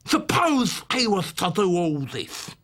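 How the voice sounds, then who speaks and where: A wheedling old Cockney fence with a lisp, put on by a man. He drawls his words out slowly with a raised, husky voice. He swoops up and down as he coaxes. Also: high-pitched, big pitch swings, a bit bright, pitched above the performer's own voice, heavily acted.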